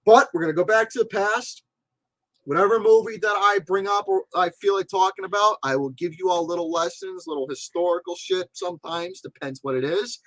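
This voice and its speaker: A man's voice: high voice, a little fast, fairly bright tone, no room sound, rough recording. A man in his forties, a movie reviewer and channel host, giving a blunt, profane, emphatic livestream monologue.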